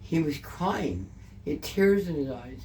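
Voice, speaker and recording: A woman's voice: deep voice, sing-song, a little slow, a little mellow, slight background noise. A woman with a Canadian accent, telling an emotional story in a casual interview, swearing often and repeating herself. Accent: Canadian English.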